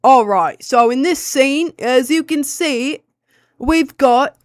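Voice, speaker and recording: A woman putting on a deliberately poor Australian accent to mimic a man who over-explains, rambling and repeating himself. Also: high-pitched, animated, dry recording, studio quality, pitched above the performer's own voice. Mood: lecturing. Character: man in a bad mock Australian accent, lecturing on anime.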